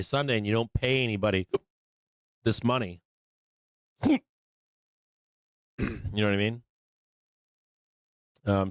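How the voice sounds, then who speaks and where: A man's voice: medium pitch, smooth, no room sound. A man hosting a live trading stream, talking in a rambling, profane way full of fillers and mocking quotes of other traders. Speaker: livestream trading host. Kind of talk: casual live-stream commentary.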